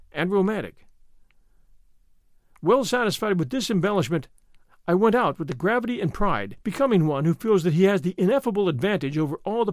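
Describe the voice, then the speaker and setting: A man reading a first-person story aloud as an audiobook narrator, with expressive storytelling. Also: high voice, no room sound, studio quality. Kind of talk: scripted narration.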